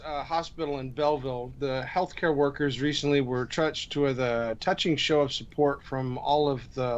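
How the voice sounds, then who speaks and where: A man co-hosting a live stream, reading out news items in a halting way. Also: medium pitch, dull audio.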